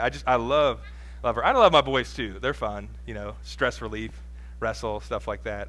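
A man's voice: mid-range voice, fairly quick, sharp tone. A man in his thirties preaching a sermon in a casual, conversational way, with personal stories and asides. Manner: conversational, self-deprecating preaching with asides and laughs. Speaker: pastor.

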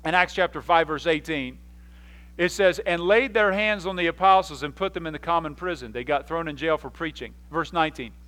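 Male pastor, fairly high-voiced, animated storyteller who acts out scenes, repeats words and restarts his sentences. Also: brisk, poor audio. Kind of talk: sermon.

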